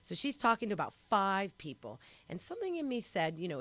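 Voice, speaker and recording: A woman comedian telling a story as a talk show guest, swinging between hushed asides and loud outbursts. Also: mid-range voice, huge pitch swings, brisk, few pauses, dry recording. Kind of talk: animated storytelling.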